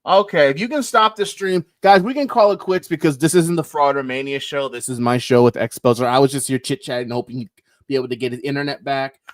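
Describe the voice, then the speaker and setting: A man's voice: mid-range voice, fast, dry recording. A man co-hosting a live stream, talking casually and rambling to his viewers. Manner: rambling, chatty, laughs often.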